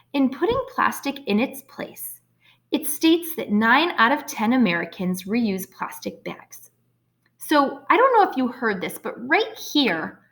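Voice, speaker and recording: A woman's voice: mid-range voice, a bit bright. A woman teacher recording an online writing lesson for her class, speaking patiently and encouragingly with frequent ums and okays.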